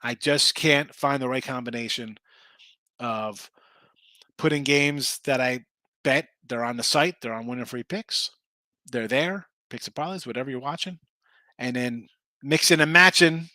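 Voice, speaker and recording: Guy rambling thru his betting picks on a stream, bright punchy voice, dry close sound. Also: mid-range voice, unhurried, no echo. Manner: rambling, reads out picks and chat names, restarts often. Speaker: sports betting show host. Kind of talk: casual livestream chat.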